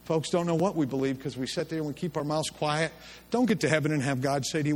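A man's voice: on the high side, fast talker, a little hiss or hum. A middle-aged man preaching a sermon in a church service, telling stories in a folksy, chuckling way. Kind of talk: sermon with storytelling.

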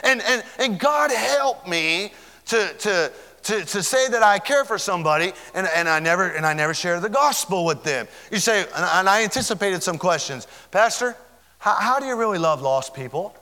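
A man's voice: high-pitched, animated, normal speed, sharp tone, big-room sound. A man preaching a sermon as pastor, fervent and building in volume as he speaks.

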